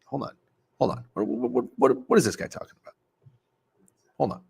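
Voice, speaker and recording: A man's voice: mid-range voice, moderate pace, vocal fry, slightly rough. A young man casually hosting a sports betting livestream, rambling and swearing as he talks to his chat. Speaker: sports betting stream host.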